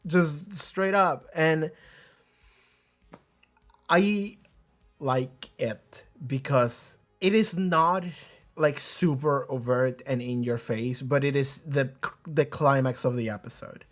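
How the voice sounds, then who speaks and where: A man's voice: medium pitch, slow pace, soft background music. A man hosting a reaction video, talking casually and animatedly, rambling with frequent restarts and swearing.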